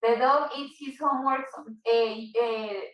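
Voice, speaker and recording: High-voiced woman teaching English in an echoey room. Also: fairly even intonation, unhurried, recorded from a distance, lo-fi sound. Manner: patient, switches to Spanish to explain. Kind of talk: online English class.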